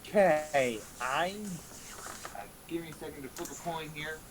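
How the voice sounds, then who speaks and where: A player in a tabletop game, hesitant and thinking out loud. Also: medium pitch, normal speed, noisy background. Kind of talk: casual tabletop play.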